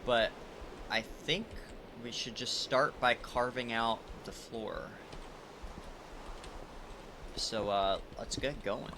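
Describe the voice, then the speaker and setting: A man's voice: medium pitch, takes it slowly, pauses often, noisy background. A man casually commenting as he plays through a sandbox game, rambling and blurting out profanity. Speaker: let's play host.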